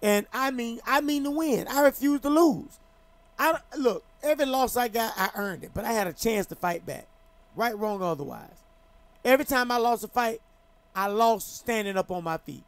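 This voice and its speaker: A man's voice: extremely high pitch, lively intonation, normal speed, gravelly, no room sound. A man hosting a talk show, telling stories in an emphatic, heated way with lots of restarts. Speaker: talk show host and former boxing champion. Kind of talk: casual talk show chat.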